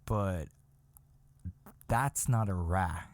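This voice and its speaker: A man voicing a calm, knowledgeable female coworker who explains things matter-of-factly. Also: low voice, extremely slow, no echo, pitched below the performer's own voice, exaggerated voice. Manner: matter-of-fact, reassuring.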